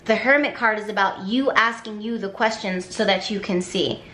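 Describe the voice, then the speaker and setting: A woman's voice: mid-range voice, moderate pace, pushed and bright, slight background noise. Emphatic woman tarot reader, echoey room. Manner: emphatic, repetitive, exasperated at times. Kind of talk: intuitive tarot reading to camera.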